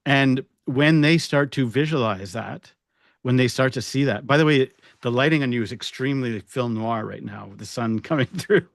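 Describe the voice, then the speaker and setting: A man hypnotherapist speaks in a mid-range voice during relaxed podcast conversation. He explains ideas with playful asides and a few restarts. The recording sounds dry and close. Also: medium pitch, normal speed, gravelly, no room sound. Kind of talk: casual podcast chat.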